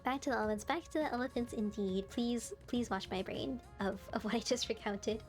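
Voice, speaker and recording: A young adult woman streamer in casual live-stream chat, telling stories in an animated way and laughing often. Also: on the high side, brisk, soft background music.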